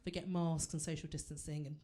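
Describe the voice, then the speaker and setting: A woman's voice: low voice, little pitch movement, fast, dark tone. A woman performing a stand-up comedy set on a theatre stage, chatty and self-deprecating as she talks straight to the audience.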